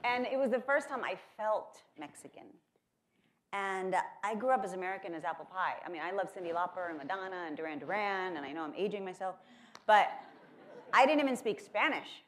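A woman from Corpus Christi, Texas, with a mid-range voice speaks a little fast as she gives a keynote in a conference lecture hall. Her stories are chatty and self-mocking, packed with fillers.

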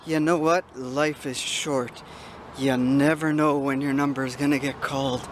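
An older man vlogs outdoors in a city with a handheld camera, rambling casually in a chatty, sidetracked way. His voice sits at medium pitch with little pitch movement, and he speaks unhurriedly. The outdoor camera audio is noisy.

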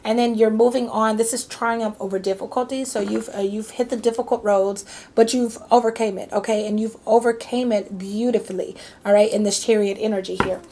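A woman's voice: a little high, fairly even intonation, fairly quick, warm tone. A woman giving a casual tarot reading, chatty and reassuring, with many fillers and frequent okays. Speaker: tarot reader.

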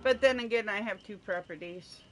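A laid-back friend chats during an online game, swearing now and then. The voice sits at a middle pitch. A faint noise runs under it. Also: moderate pace, fairly bright tone. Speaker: gaming friend. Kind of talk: casual gaming chat.

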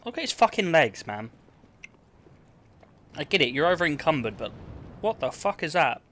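Lively Essex man streaming games. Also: a little high, normal speed. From England. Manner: blunt, swearing banter with chat. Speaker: gaming streamer. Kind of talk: casual live-stream commentary.

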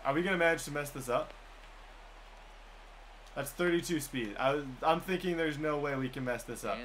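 Excitable young man commentating his game. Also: a little high, normal speed, a little hiss or hum. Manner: animated, talks to viewers, bursts into shouts. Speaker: gaming YouTuber.

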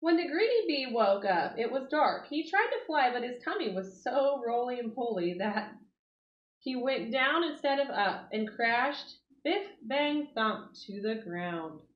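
A woman reading a picture book aloud to children, with animated, expressive storytelling. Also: a little high, unhurried. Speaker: 4-H club leader. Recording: roomy, dull lo-fi audio.

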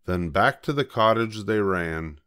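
An older man reading a children's story aloud as storyteller, gentle and measured. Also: fairly low pitch, lively intonation, smooth.

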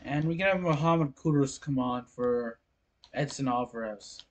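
A man casually commenting on his own soccer video game, low-key and a bit sleepy, with sudden exclamations at plays. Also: a little slow. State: sleepy, yawning. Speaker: gameplay commentator.

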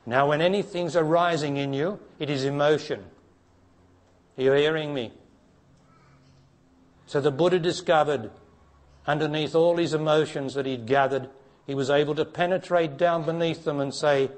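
A man giving a spiritual talk to an audience, blunt and challenging, dropping to hushed tones and then rising to emphatic ones. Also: steady tone, moderate pace, long pauses. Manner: blunt, challenging, preacher-like, asks direct questions; swings between hushed low passages and raised emphatic ones. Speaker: spiritual teacher.

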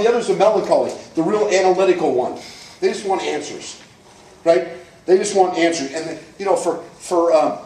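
A man's voice: high-pitched, darkish tone, slight background noise. A man giving a folksy, emphatic motivational talk at a business coaching event, acting out the people he describes. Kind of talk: live motivational talk to an audience. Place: event hall, indoors. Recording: echoey hall, voice picked up from far off.

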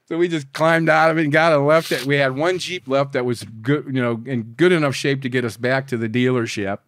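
A man in his sixties, a podcast guest telling wild stories in a rambling, profane, animated way. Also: mid-range voice, fairly quick, few pauses, dry recording, studio quality. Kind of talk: casual storytelling interview.

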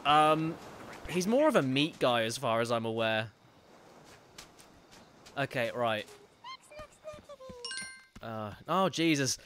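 A man's voice: mid-range voice, takes it slowly, pauses often, fairly bright tone, slight background noise. A man streaming a video game live, joking around, thanking viewers for donations and reacting to scenes. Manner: joking, self-deprecating, reads out donations.

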